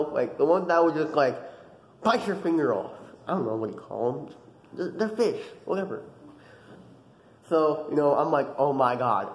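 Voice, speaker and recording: A young man recounts a dream to his camera, his voice a little high and full of excitement. He tells it in a dramatic, casual way with plenty of fillers. The sound carries an echo from the room. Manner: animated, dramatic retelling with many fillers. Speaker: vlogger.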